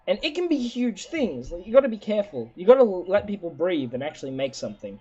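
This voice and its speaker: A man's voice: high-pitched, sing-song, quick pace, darkish tone, breathy edge, highs cut off. A man co-hosting a gaming podcast, talking casually, opinionated and swearing freely. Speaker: podcast co-host.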